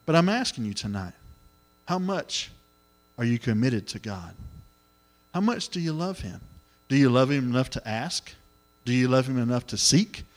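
A middle-aged man preaching a sermon, telling the story in an animated way and acting out the voices. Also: medium pitch, normal speed. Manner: animated storytelling, acts out voices, exclamations of hallelujah.

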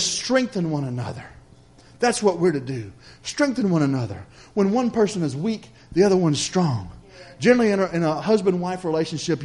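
Male pastor, slightly high voice, emphatic call-and-response sermon delivery. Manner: preacherly, repetitive cadence with call-and-response "Amen?"; swings from loud emphatic lines to soft hushed ones.

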